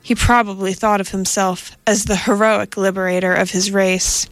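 A woman reading a first-person story in a steady, measured narration. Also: mid-range voice, no echo.

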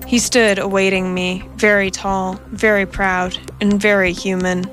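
A woman narrates an audiobook in a slow, unhurried way. Her voice sits at a middling pitch and her phrasing is deliberate. Soft music plays faintly behind her. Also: level tone. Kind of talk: audiobook reading of a science fiction story.

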